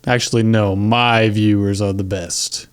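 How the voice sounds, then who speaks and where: A man's voice: lowish voice, steady tone, measured pace, clean tone. A man chatting casually on a podcast as a YouTuber guest, easygoing and joking.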